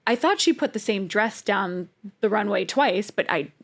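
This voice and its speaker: A woman's voice: mid-range voice, expressive, moderate pace, gravelly. A young woman co-hosting a podcast in casual chat, riffing on ideas and laughing often. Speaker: podcast co-host.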